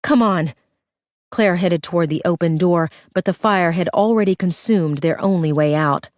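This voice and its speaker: A woman's voice: on the low side, moderate pace, darkish tone, no echo, clean studio sound. A woman narrating a thriller audiobook with a tense, urgent reading.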